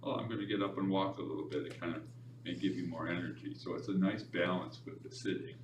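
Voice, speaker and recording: A man teaching a meditation class in a library room, talking in a relaxed, chatty way with easy laughs. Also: sits low, fast. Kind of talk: informal class instruction. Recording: echoey room, distant mic, background noise.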